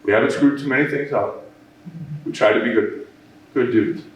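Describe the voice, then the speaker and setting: A man's voice: mid-range voice, moderate pace. Man telling a rambling story in an echoey room. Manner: rambling, animated, with many restarts. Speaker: business owner speaking at a workshop. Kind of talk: storytelling talk to an audience. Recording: echoey room, mic at a distance.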